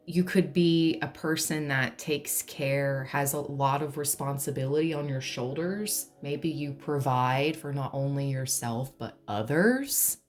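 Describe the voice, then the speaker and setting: Slow, low-voiced woman reading tarot. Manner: playful, laughs to lighten things, breaks into humming and song. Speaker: tarot reader. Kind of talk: pick-a-card tarot reading.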